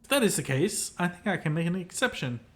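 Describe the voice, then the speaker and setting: A man's voice: sits high, sing-song, fast, a bit bright, voice pushed up. A man putting on a pompous hotel clerk. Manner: formal, fussy, theatrical. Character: pompous, self-important male hotel clerk. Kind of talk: reading game dialogue aloud.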